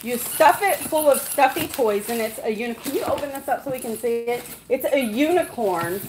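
A woman with a slightly high, very lively voice gushes and coos at her dogs in a casual live stream. Her talk swoops up and down in a sing-song way. Steady background noise runs under her voice. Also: normal speed, rough recording. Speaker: pet channel host.

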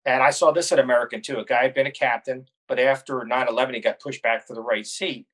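A middle-aged man, a pilot guest on a podcast, telling lively stories in casual chat and laughing at his own tales. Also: medium pitch, fast, no echo.

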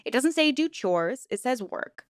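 A woman's voice: high-pitched, big pitch swings, unhurried, no echo, clean studio sound. A young woman hosting a true-crime commentary, talking emphatically and indignantly with lots of "like". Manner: indignant, emphatic, heavy use of "like". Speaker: commentary channel host.

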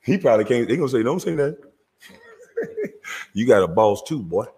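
A husky-voiced man with a Southern twang rants loudly and with animation, cursing freely and breaking into laughter. His voice rings with a long reverb. He is hosting his own show in casual, profane talk. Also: fairly low pitch, expressive, normal speed. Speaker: show host.

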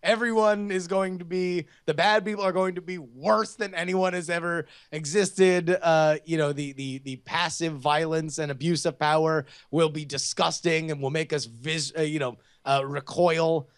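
Smooth-voiced man rambling in casual chat. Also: on the high side, fairly even intonation, normal speed, hardly any pauses. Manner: rambling, many restarts and fillers. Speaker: podcast co-host.

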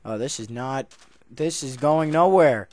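In unhurried, casual game commentary, a young gaming YouTuber mutters low, erupts into loud excitement, then returns to chatting.

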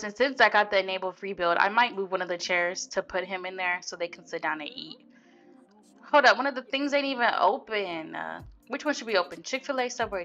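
A young woman chats through her gameplay in a loose, slangy style, talking straight to her viewers. Her voice has a bright, clear edge. Soft music plays faintly underneath. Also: mid-range voice, dull audio. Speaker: gaming video host. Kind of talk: casual gameplay commentary.

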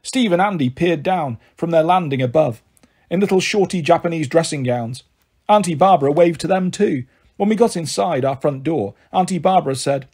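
A man reading a children's novel aloud as storyteller, in a gentle, friendly way. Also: a little high, moderate pace, husky.

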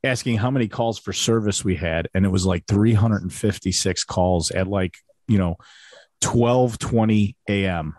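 Middle-aged guy hosting an interview, ex police sergeant, low voice, asks questions, dry recording. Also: normal speed, a little mellow, no echo. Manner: chatty, prompting questions. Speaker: host and former police sergeant. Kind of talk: interview host.

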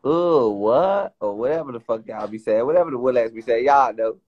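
A man's voice: mid-range voice, fast talker, highs cut off. A man from the Washington DC area on a casual livestream, joking and cursing, often breaking into laughter.

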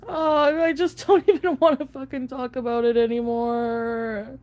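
A woman venting to camera in a rambling, profane confessional rant. She says she is high on an edible, and her speech is full of fillers and restarts. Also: level tone, unhurried, a little mellow. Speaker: online video creator.

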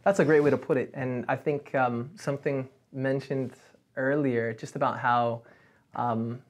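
A man's voice: medium pitch, fairly even intonation, measured pace. A man who is a pastor, a guest on a casual podcast, telling a story earnestly with many fillers.

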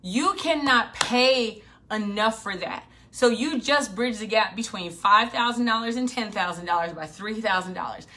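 Emphatic, bright-voiced woman coach. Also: fairly high pitch, normal speed. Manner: emphatic, animated, repeats for punch. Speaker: business coach. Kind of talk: motivational talk to an audience.

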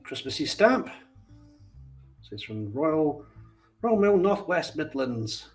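Chatty Scottish man, slightly high voice. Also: big pitch swings, slow, far from the mic, soft background music. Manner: chatty, warm exclamations, talks to his cat. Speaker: coin collecting channel host. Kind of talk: casual vlog chat while opening mail.

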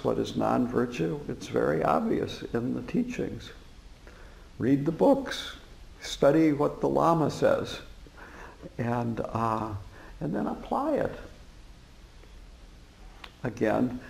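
A man giving a dharma talk as a Buddhist teacher, telling stories in a relaxed way with frequent fillers and chuckles. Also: mid-range voice, gravelly. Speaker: Buddhist teacher and former prison chaplain. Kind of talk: dharma talk to a live audience. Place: meditation center hall. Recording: roomy hall reverb.

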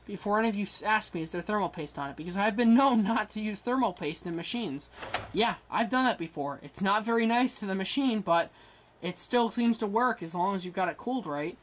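A man's voice: high voice, expressive, brisk, a bit bright, a little hiss or hum. A teenage young man casually walking through a rebuilt computer, rambling and correcting himself as he goes. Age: teens. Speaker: hobbyist showing a rebuilt computer. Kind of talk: casual show-and-tell.

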